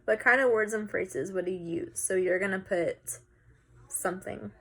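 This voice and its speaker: A woman teacher talks students through a recorded lesson. She keeps it casual and chatty, with some filler words. Her voice sits at an average pitch. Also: a little slow, a bit bright, slight background noise.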